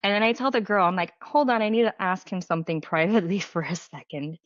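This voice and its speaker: A woman's voice: medium pitch, fast talker, dry recording. A middle-aged woman, a medium and healer, telling stories in a casual interview, full of "like" fillers and acting out quoted dialogue. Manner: chatty, filler-heavy, acts out quoted dialogue. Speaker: medium and healer, podcast guest. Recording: dull lo-fi dry sound.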